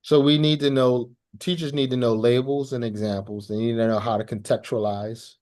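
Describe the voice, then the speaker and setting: A man's voice: mid-range voice, level tone, normal speed, darkish tone. A man teaching a live language class, quizzing the student and often repeating and restarting his phrases.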